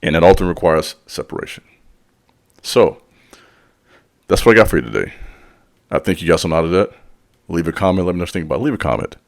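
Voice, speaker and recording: Low-pitched and fast, with lively intonation broken by long pauses, this man gives a motivational monologue as a channel host and spiritual leader. He's blunt and preachy, using slang, addressing the listener directly and repeating lines for emphasis.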